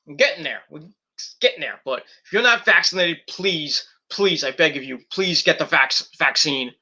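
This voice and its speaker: A man rants casually from home at night, blunt and full of swearing. His voice is bright and sharp, sits a little high, and swings widely in pitch. Fillers and restarts run all through his talk. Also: expressive, moderate pace. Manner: blunt and profane, with frequent fillers. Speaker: podcast host. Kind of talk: casual ranting monologue.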